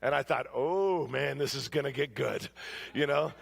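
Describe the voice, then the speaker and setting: A man preaching a storytelling sermon in a church, shouting during his stories and dropping low for his main points. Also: moderate pace, vocal fry, breathy edge, in a large hall. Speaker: guest preacher. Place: church sanctuary.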